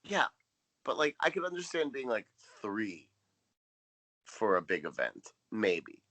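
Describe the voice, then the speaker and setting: A man's voice: on the low side, big pitch swings, measured pace, bright, forceful tone. A man co-hosting a podcast in casual chat, making dry, joking asides. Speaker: podcast co-host.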